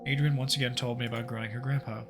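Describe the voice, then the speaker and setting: Rapid-fire and fairly flat in pitch, a man with a mid-range voice streams a horror game against its music. He reads out the story text and cracks casual jokes, cursing in asides as he goes.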